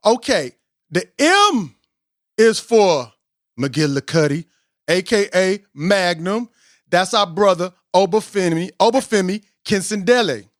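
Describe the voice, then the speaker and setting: A man hosting a casual podcast interview, excitable and playful, slurring now and then and stumbling over names. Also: high voice, a little slow, no room sound, clean studio sound. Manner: hyped and playful, keeps telling himself to calm down. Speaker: podcast host.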